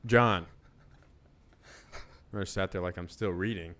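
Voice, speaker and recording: A young man co-hosting a podcast in relaxed casual chat, laughing along and asking questions. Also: sits low, fast. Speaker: podcast co-host.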